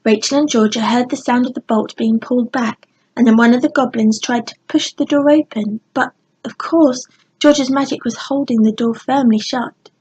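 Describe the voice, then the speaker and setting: A woman narrating a children's storybook in a gentle, expressive bedtime reading. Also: a little high, moderate pace, husky, muffled recording. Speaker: audiobook narrator.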